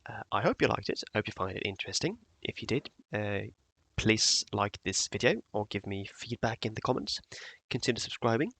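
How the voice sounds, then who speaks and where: A man's voice: fairly low pitch, expressive, fairly quick, a bit bright, breathy edge, dry recording. A man presenting his model builds in a casual tutorial vlog, hesitant with many fillers.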